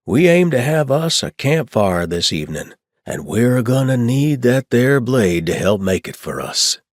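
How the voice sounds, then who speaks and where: A wry, good-humored man who jokes in a mock-serious tone, with a deep, husky voice that still swings lively in pitch, as a narrator reads his lines. The sound is dry and close to the mic. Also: normal speed, no echo. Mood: mock Old West.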